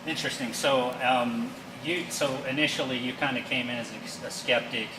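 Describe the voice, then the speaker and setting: A man's voice: mid-range voice, steady tone, normal speed, reverberant. A man interviews and explores in a casual, hesitant voice full of little fillers. He is heard from a distance, and the room around him rings. Heavy background noise runs under everything. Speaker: paranormal investigator, interviewer. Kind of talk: interview questions and investigation chatter.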